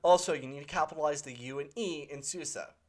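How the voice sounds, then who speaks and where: In a quick-paced, mid-range voice, this channel host works through viewer questions without a script. It's a casual, rambling, opinionated talk, often broken up by fillers and self-corrections.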